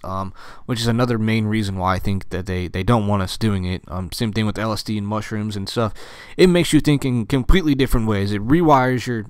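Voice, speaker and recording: A man's voice: fairly low pitch, clean tone, dry recording. A young man from the United States ranting casually to camera, profane and rambling with lots of fillers. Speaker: vlogger.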